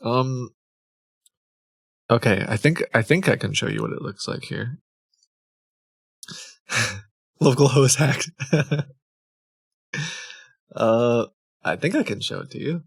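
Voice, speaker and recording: A man streaming from home in a loose, rambling way, breaking off mid-thought and chuckling at his own fumbles. His voice sits at an ordinary middle pitch, close on the mic in a dry room with no echo. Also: animated, slow, creaky, pauses often, slightly rough. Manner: rambling, self-interrupting, laughs often. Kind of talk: casual live-stream chat.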